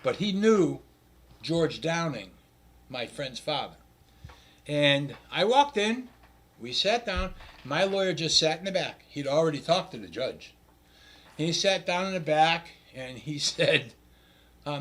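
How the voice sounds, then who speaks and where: A man's voice: fairly high pitch, expressive, normal speed, a bit bright, a little hiss or hum. An older man co-hosting a talk show, telling a long personal story in casual chat, acting out the people he quotes, with frequent restarts and the odd swear word.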